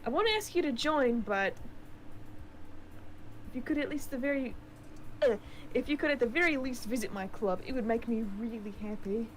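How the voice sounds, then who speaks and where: A woman's voice: a little high, moderate pace, long pauses, slight background noise, close to an everyday voice. A woman voicing a sweet, popular teenage schoolgirl who runs a club, speaking with a put-on New Zealand accent while reading a visual novel aloud. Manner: bubbly and coaxing.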